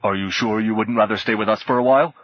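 A man's voice: fairly low pitch, fairly even intonation, fast, lightly acted. A man voicing a tall, friendly man by a fire who talks eagerly and with enthusiasm. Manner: chatty, enthusiastic. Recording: dull lo-fi recording.

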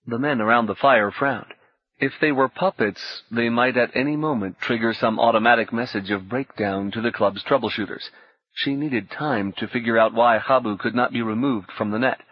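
A man narrates an audiobook in a measured, even way. His voice is husky and mid-pitched. The recording is dry and dull, with a lo-fi sound. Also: dry recording. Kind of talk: scripted narration.

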